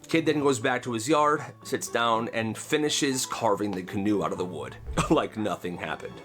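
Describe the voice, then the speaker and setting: A man narrating comedic stories in an emphatic, lively storytelling manner with quick asides. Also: on the low side, faint music behind.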